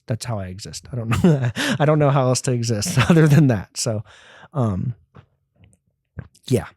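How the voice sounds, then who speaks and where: A man in his twenties rambles through a solo podcast, swearing and poking fun at himself. His medium-pitched voice is a bit mellow, with clean studio sound and no room echo.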